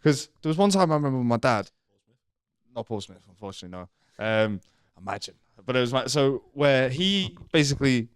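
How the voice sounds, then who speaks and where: A man's voice: mid-range voice, smooth, dry recording, studio quality. A young man co-hosting a comedy debate podcast, joking, teasing and swearing freely. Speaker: co-host. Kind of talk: casual comedy debate chat.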